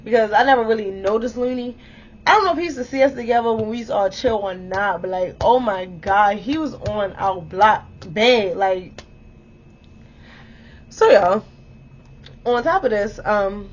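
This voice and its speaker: A young woman with a fairly high voice tells a story to her viewers, bluntly and with plenty of feeling, swearing as she goes. Her voice sounds a little dull, with a faint hiss underneath. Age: young adult. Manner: blunt, animated, swears freely, often addresses viewers. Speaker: storytime vlogger.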